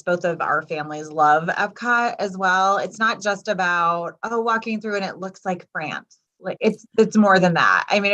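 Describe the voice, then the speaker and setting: A middle-aged woman co-hosting a casual travel podcast, talking with eager enthusiasm and often repeating her points. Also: lowish voice. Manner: animated, enthusiastic, repeats herself. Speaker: podcast co-host, travel planner. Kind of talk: casual chat.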